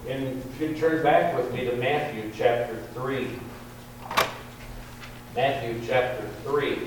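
Slow-preaching man in an echoey hall. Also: medium pitch, fairly even intonation. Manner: slow, deliberate, rising emphasis on quoted verses. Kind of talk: sermon. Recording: very echoey hall, distant mic, faint hum.

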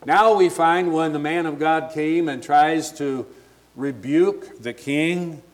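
A man's voice: a little high, slow. A man preaching a sermon, retelling scripture in everyday words and stumbling over restarts as he thinks aloud.

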